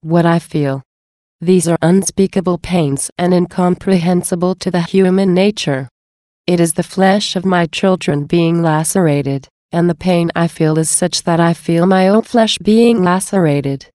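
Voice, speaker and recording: A man's voice: high voice, measured pace, darkish tone, no room sound. Jesus, as a woman reads him, solemn and mournful. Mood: plaintive. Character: grieving adult male Jesus, solemn and plaintive.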